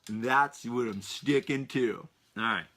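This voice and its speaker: A man's voice: mid-range voice, takes it slowly, bright, forceful tone. A man in his thirties hosting a podcast for kids, talking in an upbeat, enthusiastic way and speaking to his young listeners directly. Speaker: podcast host. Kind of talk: upbeat kids' podcast talk.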